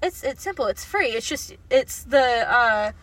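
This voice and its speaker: A woman co-hosting a relaxed podcast, her high voice swinging up and down a lot. She chats in slang and swears freely. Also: moderate pace, distant mic. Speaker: podcast co-host. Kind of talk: casual chat.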